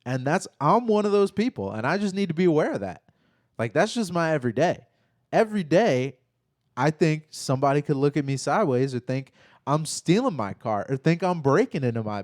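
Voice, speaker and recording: A man co-hosting a casual live chat, telling stories in a profane, animated way. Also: mid-range voice, no echo, clean studio sound. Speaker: podcast co-host.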